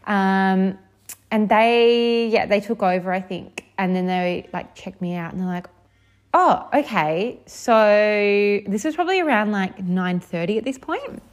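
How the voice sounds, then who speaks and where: A woman's voice: medium pitch, a little slow, smooth. Rambling young woman telling a story. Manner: rambling, many fillers, quotes others in lively voices. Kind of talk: casual storytelling to camera.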